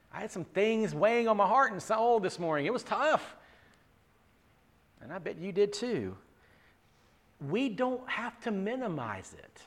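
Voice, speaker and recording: Preaching to his congregation at a measured, sing-song pace, this fairly high-voiced pastor is earnest throughout his sermon. He frequently starts his words over, climbing to loud emphasis and then falling back to almost-whispered pleading.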